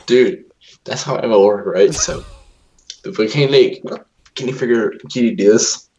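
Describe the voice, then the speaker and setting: A man co-hosting a casual podcast, telling relaxed stories, swearing often, and saying sir and ma'am out of habit. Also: lowish voice, normal speed, highs cut off, a little hiss or hum. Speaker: podcast co-host. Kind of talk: casual chat.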